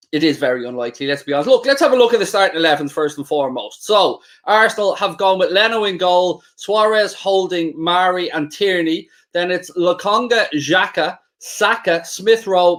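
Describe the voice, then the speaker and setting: A man's voice: fairly high pitch, a bit bright. A man co-hosting a live football watchalong in a chatty, bantering way, reading out viewer comments. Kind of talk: live stream football chat.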